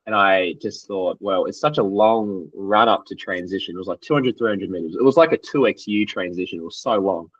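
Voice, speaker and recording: A young Australian man, an athlete guest, telling race stories in an animated, slangy way and acting out what others said. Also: low voice, brisk, few pauses, husky, no room sound. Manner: animated, acts out quotes, loose and slangy. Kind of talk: casual storytelling interview. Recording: dry, slightly dull podcast audio.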